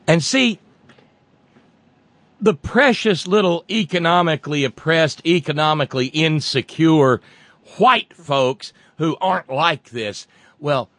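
A man's voice: on the high side, lively intonation, takes it slowly, a bit bright, no room sound. Southern American man, political commentator, profane and sarcastic monologue, dry recording. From Southern United States. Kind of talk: monologue rant.

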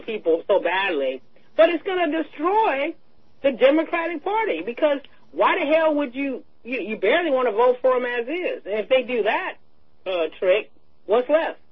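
Husky, animated woman on talk radio. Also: fairly high pitch. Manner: animated, laughing, slangy. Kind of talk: casual political chat. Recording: dull lo-fi radio sound.

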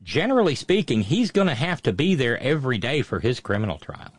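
A man co-hosting a political talk show, measured and wry, with frequent stammering restarts. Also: mid-range voice, very animated, no room sound. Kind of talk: casual political commentary.

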